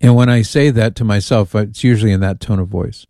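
Male call-in radio host: low, warm, dry studio sound, easygoing and amused. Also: fairly even intonation, brisk, dry recording. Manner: chatty, amused, reads listener emails aloud.

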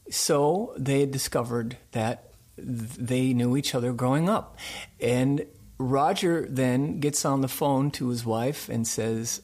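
A man from the United States who hosts a radio show, telling a story in an animated way during a radio interview. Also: mid-range voice, measured pace. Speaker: show host.

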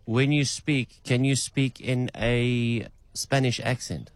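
A man's voice: medium pitch, fairly even intonation, slow, no room sound. A man calling an AI voice agent and testing it with playful, probing questions. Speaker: caller testing an AI.

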